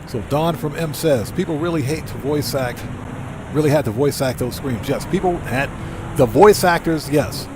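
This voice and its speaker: A man's voice: on the high side, normal speed, noisy background. A man live-streaming a game, chatting casually, greeting new subscribers and reading viewers' messages aloud. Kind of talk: live gameplay commentary.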